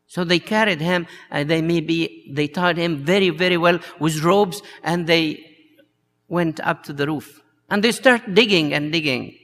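Slow, gravelly preaching priest. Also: male voice, on the high side, fairly bright tone. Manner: slow and halting, many uh fillers, acts out the story's voices. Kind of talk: sermon. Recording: long hall reverb.

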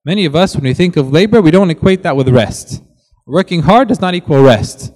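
A man's voice: fairly high pitch, expressive, brisk, a little mellow, in a large hall, low-quality recording. A man preaching a sermon in an earnest way, reading scripture aloud with rising emphasis.

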